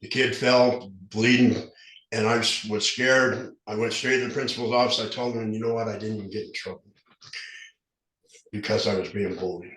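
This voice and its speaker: A man's voice: on the low side, fairly even intonation, normal speed, a bit bright. A man of about fifty from southern Utah, a recovery specialist, speaks as a podcast guest. He has a slight lisp from dentures and talks in an earnest, rambling way with many restarts. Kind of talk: candid storytelling in an interview. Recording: roomy echo.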